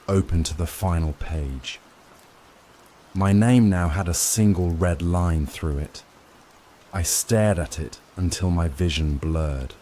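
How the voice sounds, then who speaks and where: A man narrating a first-person horror story in a slow, hushed storytelling manner. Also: low-pitched, slight background noise. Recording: faint rain sound behind voice. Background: rain.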